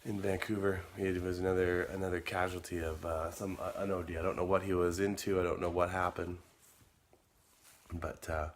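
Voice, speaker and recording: Middle-aged male vlogger, deep low voice, loose rambling storyteller who repeats himself. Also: little pitch movement, normal speed, slight background noise. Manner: rambling, repeats words, quotes his own messages. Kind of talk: casual storytelling monologue.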